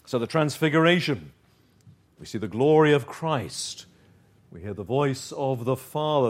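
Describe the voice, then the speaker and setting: A middle-aged man preaching a sermon, dropping to quiet low asides and rising to emphatic points. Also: lively intonation, measured pace. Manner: shifts between soft, low asides and emphatic, raised points.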